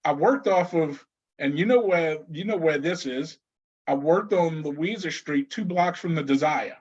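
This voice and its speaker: A man with a notably high voice tells stories as a guest, laughing and restarting as he goes. The audio is slightly muffled and lo-fi. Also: measured pace, breathy edge. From New Orleans. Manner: animated storyteller, laughs often, many restarts. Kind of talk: casual conversation.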